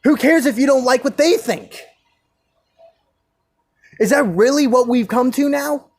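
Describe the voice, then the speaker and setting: A young American man with a very high voice delivers an impassioned solo rant about division and free speech at a measured pace. He fires off rhetorical questions and keeps restarting his phrases.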